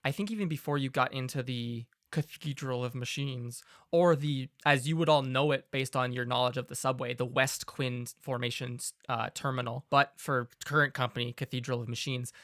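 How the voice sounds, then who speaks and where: Unhurried male game master narrating. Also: mid-range voice, fairly even intonation, a bit bright, no room sound, clean studio sound. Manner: measured, descriptive, unhurried.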